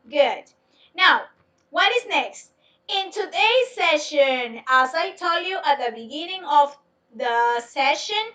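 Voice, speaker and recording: Woman teacher, high and bright, slow and patient, heard from a distance on an online class. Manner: slow, patient, repeats questions to students. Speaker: English teacher. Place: home, on a video lesson.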